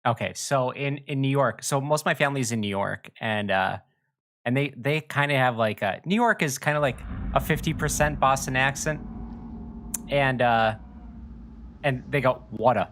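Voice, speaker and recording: A man's voice: medium pitch, lively intonation, moderate pace, a bit bright. A young man with a Wisconsin accent chatting and laughing while streaming a game. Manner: rambling, laughs often. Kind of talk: casual chat while playing a game. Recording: noisy home mic.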